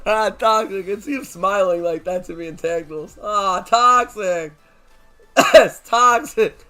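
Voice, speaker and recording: A man streaming a card game live, reacting loudly, swearing and shouting at big plays. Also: sits high, slow. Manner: excitable, swears, shouts at wins. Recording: faint music behind.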